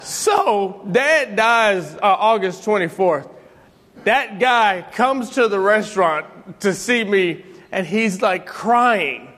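A man telling stories about his late father, animated, acting out voices and laughing often. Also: sits high, slow pace. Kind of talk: storytelling talk to an audience. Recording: long hall reverb.

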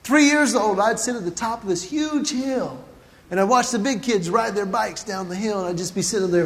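A middle-aged male stand-up comedian telling stories in a playful, animated way, recorded live before an audience in a large hall. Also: high-pitched, fairly quick, a little hiss or hum. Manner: animated, playful storytelling with acted-out quotes.

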